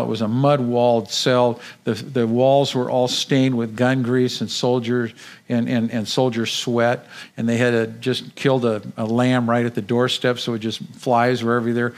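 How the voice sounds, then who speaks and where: Animated man telling a dramatic story. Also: mid-range voice. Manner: animated, vivid storyteller with frequent repeated words. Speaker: guest speaker. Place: church service.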